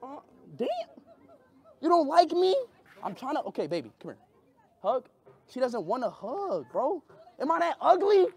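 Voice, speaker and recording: A young man chatting excitedly on a vlog, his voice sitting very high and swooping up and down with lively energy. He talks loud, bursts into shouts, and keeps the energy wild throughout. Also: moderate pace, long pauses, breathy edge. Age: young adult. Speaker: streamer.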